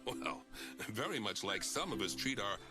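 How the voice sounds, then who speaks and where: A wry, earnest zoo owner. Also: male voice, fairly low pitch, sing-song, normal speed. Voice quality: wry, self-mocking delivery with chuckles. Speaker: zoo owner in a game intro. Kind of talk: scripted game voice-over. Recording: game music underneath.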